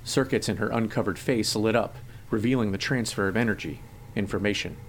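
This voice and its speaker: A man's voice: on the low side, normal speed, a little hiss or hum. Man narrating a sci-fi audiobook.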